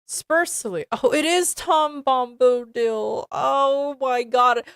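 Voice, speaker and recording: A woman's voice: high-pitched, takes it slowly, a bit bright, clean tone, dry recording, clean studio sound. A woman streamer reading a fan fiction aloud with commentary, stumbling over words and sounding exasperated.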